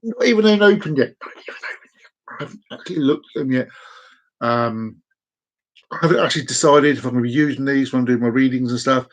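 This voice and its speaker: A man in his forties hosting a casual live stream from his desk at home, playful and chaotic, repeating and stretching his phrases with sudden excited whoops. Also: mid-range voice, fast, low-quality recording.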